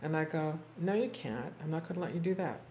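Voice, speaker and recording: A teacher speaking to a small class, retelling stories in a reflective, unhurried way, acting out the quoted voices and often restarting words. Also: mid-range voice, darkish tone, a little hiss or hum. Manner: halting restarts and repeated words. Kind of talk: storytelling talk to a small group. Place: indoor room with a small group.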